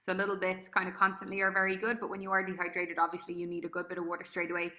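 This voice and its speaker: A woman's voice: on the low side, completely flat delivery, very fast, pushed and bright, roomy sound. A woman with an Irish accent coaching a live workout class, chatty and encouraging, praising people by name and laughing often. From Ireland. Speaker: fitness coach.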